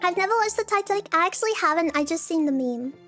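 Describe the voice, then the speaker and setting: Woman, streamer, very high squeaky voice, giggly, over-the-top, self-mocking, casual chat, faint music behind. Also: lively intonation, quick pace, sharp tone.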